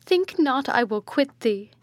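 A woman's voice: high-pitched, animated, a little slow, no room sound, pitched above the performer's own voice. A woman reading aloud and voicing a grieving noble mother who speaks tearfully and pleadingly.

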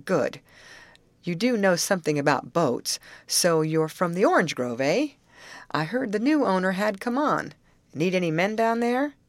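A woman's voice: lowish voice, sing-song, a little slow, no echo, pitched above the performer's own voice. A woman reading a friendly but domineering male boatman in an audiobook, talking in a businesslike way. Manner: businesslike, used to giving orders. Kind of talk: audiobook character voice.

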